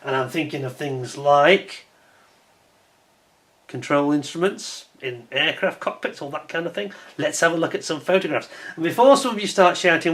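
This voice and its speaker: Man, channel host, casual chat, self-deprecating, laughs a lot, slightly high voice. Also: normal speed, sharp tone. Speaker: scale-model channel host.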